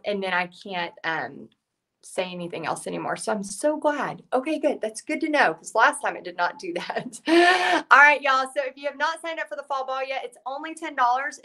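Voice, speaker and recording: A woman's voice: a little high, pushed and bright. A woman, hosting a live painting stream in a chatty way, reading viewer comments and losing her voice. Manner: chatty, reads out viewer comments, many fillers. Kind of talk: casual live-stream chat.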